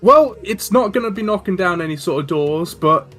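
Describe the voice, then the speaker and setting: A man's voice: sits high, expressive, normal speed, a bit bright, faint music behind. A man narrating as dungeon master in a tabletop game, casual and a little stumbling, often laughing.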